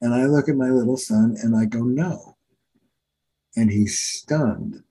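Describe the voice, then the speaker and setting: A man's voice: mid-range voice, normal speed, vocal fry, slightly rough, poor audio. A middle-aged man from New Jersey, a therapist telling stories in a conversational interview. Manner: animated storyteller, acts out quotes. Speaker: therapist and author.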